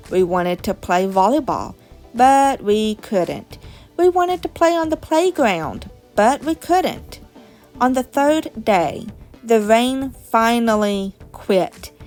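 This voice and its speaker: A woman in her thirties hosting a crafting video, telling a summer memory in a slow, deliberate storytelling way with soft chuckles. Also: on the high side. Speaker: crafting channel host. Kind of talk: slow reminiscing chat over crafting. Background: soft background music.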